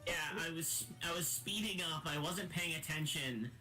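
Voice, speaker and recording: A man chatting casually while he plays a game on stream, rambling and joking with his friends. His voice is bright and forceful and sits a little high. The room sounds echoey, with faint game music behind him. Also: normal speed. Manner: rambling, jokey banter. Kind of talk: casual chat while gaming. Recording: roomy echo with game music.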